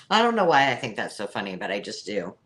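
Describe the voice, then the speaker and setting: A woman's voice: very deep voice, a bit bright. A woman hosting a live online sale, chatty and jokey, laughing at her own remarks. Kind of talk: live-stream sales chat.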